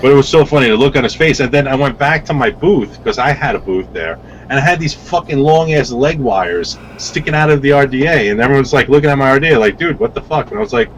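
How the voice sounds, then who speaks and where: Profane, animated man telling a story. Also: mid-range voice, quick pace, hardly any pauses, slight background noise, poor audio. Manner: profane, animated, acts out quoted dialogue. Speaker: vape reviewer guest. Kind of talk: casual storytelling.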